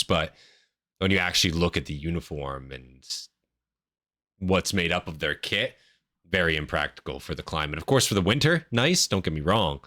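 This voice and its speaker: A man's voice: very deep voice, bright, forceful tone, dry recording, clean studio sound. A Canadian man giving casual reaction commentary, rambling and hesitant with lots of fillers. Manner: rambling, hesitant, many fillers and "right?" tags. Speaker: reaction host.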